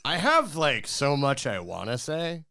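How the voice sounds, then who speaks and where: A man's voice: medium pitch, wildly swooping pitch, unhurried, gravelly, bright, forceful tone, dry recording, studio quality. A man making wry, joking comments in a casual podcast chat.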